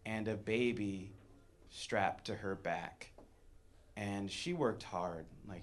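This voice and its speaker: A man doing a stand-up comedy set, animated, dropping to hushed asides and rising to shouted punchlines. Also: mid-range voice. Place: comedy club stage with audience laughter.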